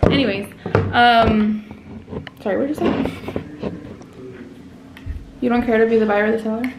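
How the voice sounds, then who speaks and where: A woman's voice: a little high, fairly even intonation, a little slow, echoey room, background noise. A woman in her twenties chatting casually to her viewers in a vlog, loose and slangy, swearing freely. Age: 20s. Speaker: vlogger. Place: at home and around a college campus. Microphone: handheld camera.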